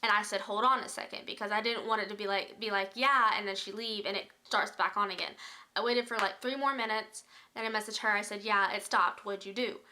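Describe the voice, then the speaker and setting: A young woman telling a spooky story from her own life at home, chatty and animated, with lots of fillers. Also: medium pitch, fairly quick. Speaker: vlogger. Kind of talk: casual storytime.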